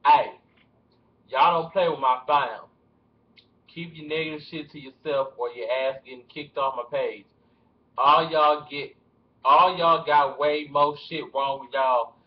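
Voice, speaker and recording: A man putting on an impression of a swaggering male rapper, drawling profane threats slowly, recorded with dull lo-fi webcam sound. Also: a little high, close to an everyday voice. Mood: menacing. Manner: menacing, profane, slow drawl.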